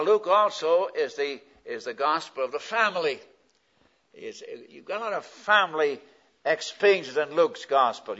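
A man preaching with a bright, forceful edge, swinging between quiet asides and loud, emphatic peaks. He keeps asking the listeners questions and answering them himself. The old recording sounds dull and lo-fi. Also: a little high. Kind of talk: sermon.

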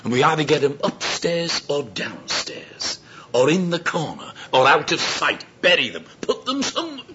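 A man's voice: a little high, a little slow, husky. A man preaching a sermon, telling stories and acting out the voices of the people in them. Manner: lively, acts out quoted voices. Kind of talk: sermon with storytelling. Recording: dull lo-fi sound with faint noise.

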